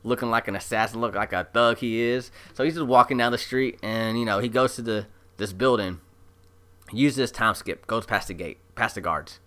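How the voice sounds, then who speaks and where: Low-voiced man, forceful and chatty, excited fan recap with lots of fillers. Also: moderate pace. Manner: chatty, animated retelling with many fillers. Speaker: anime episode reviewer. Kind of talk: casual excited episode recap.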